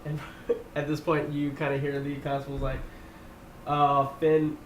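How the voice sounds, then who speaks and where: A man's voice: medium pitch, monotone, normal speed, a little hiss or hum. A man narrating a tabletop game as game master, loose and rambling with many fillers, in an echoey room.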